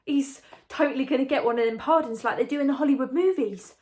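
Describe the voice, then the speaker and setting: An actress brings to life a gossipy young woman, confiding in a breezy, chatty way in a dramatic monologue. Her voice sits a touch high for a woman. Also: fast talker, darkish tone, lightly acted. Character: chatty young woman engaged to a condemned prisoner. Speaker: lead character in a monologue.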